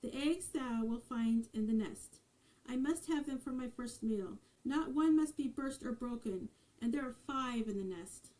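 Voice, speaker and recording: A menacing male giant from a storybook, as a woman reader puts him on, with a gruff, mellow, low-pitched voice. He speaks slowly and threateningly in old-fashioned words. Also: lightly acted, poor audio. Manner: slow, threatening, archaic speech.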